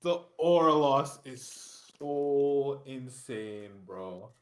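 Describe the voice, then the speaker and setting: A man's voice: mid-range voice, animated, extremely slow. A man co-hosting a casual wrestling podcast, incredulous and laughing, quoting wrestlers word for word. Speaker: podcast co-host. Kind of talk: casual wrestling recap chat.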